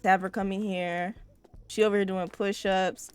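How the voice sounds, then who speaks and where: A woman's voice: medium pitch, level tone, moderate pace, clear, resonant tone, no echo, soft background music. A woman giving casual, chatty gameplay commentary, swearing freely and talking straight to her viewers. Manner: chatty, profane, addresses viewers. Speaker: let's play host.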